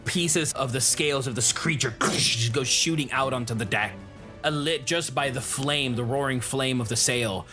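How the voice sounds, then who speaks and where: A man's voice: mid-range voice, normal speed, bright, forceful tone, soft background music. A man running a tabletop game, narrating the action in a casual, descriptive way. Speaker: game master.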